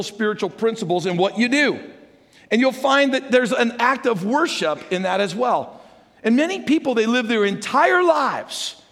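A man preaching a conversational sermon as pastor, animated and chatty, asking the congregation questions. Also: sits high. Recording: long hall reverb.

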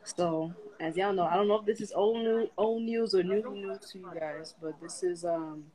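Hesitant podcast co-host, mid-pitched voice. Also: normal speed, darkish tone, poor audio. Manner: plain, a little hesitant, many fillers. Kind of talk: casual chat.

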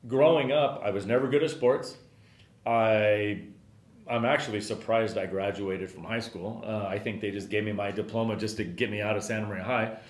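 A middle-aged man with a fairly low voice talks through his memories as a podcast host. His storytelling is loose and rambling, full of filler words. The room has a noticeable echo. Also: steady tone, moderate pace. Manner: rambling, frequent "you know" fillers. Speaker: podcast host and business owner. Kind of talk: casual storytelling. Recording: roomy echo.

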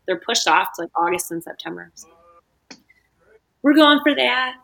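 A woman's voice: fairly high pitch, normal speed, vocal fry, poor audio. A young woman, a podcast guest, telling casual stories and acting out what people said. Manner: animated, acts out quoted dialogue. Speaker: guest, beach volleyball player.

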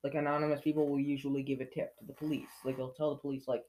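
Man reading a novel aloud, halting and chatty. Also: medium pitch, little pitch movement, a little mellow, poor audio. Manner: halting, self-correcting, chatty asides. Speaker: reader. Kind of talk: casual read-aloud of a novel.

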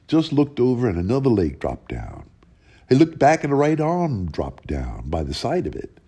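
Gravelly man telling a folk tale. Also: medium pitch. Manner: plain, unhurried folksy telling with lively rises. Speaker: storyteller.

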